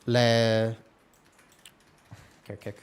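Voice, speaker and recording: A man chatting casually on a live game stream from a room at home, in a relaxed, rambling, self-deprecating way. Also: lowish voice, very slow, smooth. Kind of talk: casual live-stream chat while gaming.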